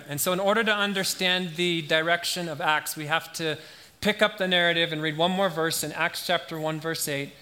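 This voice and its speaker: Joking, bright-voiced man preaching a sermon. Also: on the high side. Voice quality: friendly, self-deprecating banter with the congregation. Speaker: visiting missionary preacher. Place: church sanctuary.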